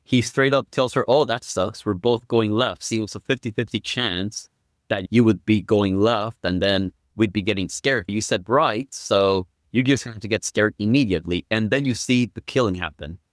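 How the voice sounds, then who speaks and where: A man as a guest on a film podcast, explaining step by step and building up to excited quoted lines. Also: on the low side, normal speed, no echo, clean studio sound. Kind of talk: casual film review chat.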